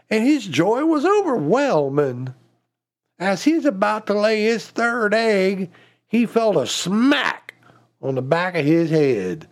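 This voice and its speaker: A man telling folksy jokes in a drawn-out, deliberate storytelling manner. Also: high voice. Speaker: joke teller.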